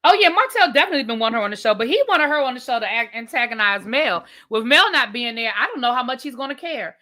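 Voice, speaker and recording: Woman host, chatty and emphatic, bright and a touch high, casual live chat with viewers. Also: animated, quick pace. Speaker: livestream host reviewing reality TV.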